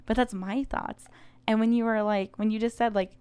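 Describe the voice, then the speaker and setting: A woman's voice: on the high side, normal speed, clear, resonant tone. A young woman co-hosting a podcast, telling stories animatedly and acting out quoted lines, with "like" all through her speech. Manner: animated storyteller, acts out quotes, heavy use of "like". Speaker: podcast co-host. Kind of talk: casual chat.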